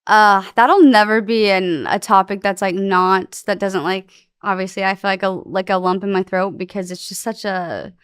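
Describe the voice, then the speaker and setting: A woman's voice: medium pitch, steady tone, normal speed, smooth, dry recording, clean studio sound. A young woman talking candidly as a podcast guest, rambling and emotional, with plenty of fillers. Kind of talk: candid interview talk.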